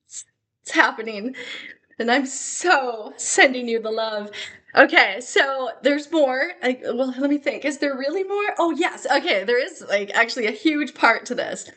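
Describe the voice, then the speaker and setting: A young adult woman talking in an excitable, rambling way in a personal vlog, laughing and tearing up at times. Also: high voice, moderate pace. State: tearful at times. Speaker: spiritual vlogger.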